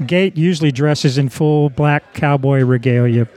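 Man, higher-pitched voice, lively storyteller, casual reminiscing. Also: a little slow. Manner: lively storyteller who acts out quotes. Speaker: co-host, former road manager.

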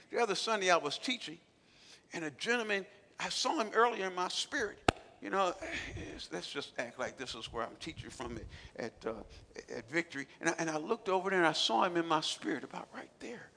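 A high-voiced male pastor preaches with a bright, gravelly edge, swinging from quiet asides to shouted calls. His voice rings with long reverb through a large church sanctuary. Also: a little hiss or hum. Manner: acts out quotes with repetition and filler sounds. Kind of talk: sermon.

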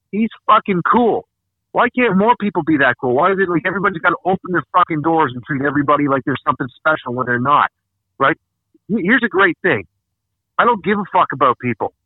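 A man with a slightly higher-pitched voice rants on a podcast, swearing hard and hammering his points through repeated words. The sound is thin and tinny like a phone line, bone-dry with no room. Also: no room sound. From Canada. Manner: angry, profane, emphatic ranting with repeated words. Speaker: podcast host. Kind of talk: casual podcast rant.

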